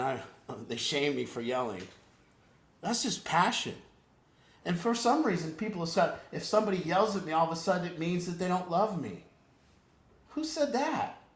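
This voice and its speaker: Man, fairly high voice, earnest, emphatic, rambling, echoey room. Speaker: recovery program counselor. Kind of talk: informal group talk.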